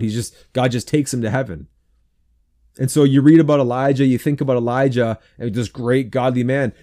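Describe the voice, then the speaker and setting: A man speaks to other men in a devotional talk, his voice dark and mellow. He prays earnestly, repeating phrases as he intercedes. His delivery stays soft and hushed, level in pitch. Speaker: men's ministry speaker.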